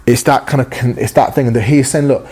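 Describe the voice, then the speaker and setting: A man's voice: mid-range voice, steady tone, brisk, a little mellow, slightly rough. A man giving a sermon, talking earnestly and conversationally with frequent stammered repeats. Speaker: preacher.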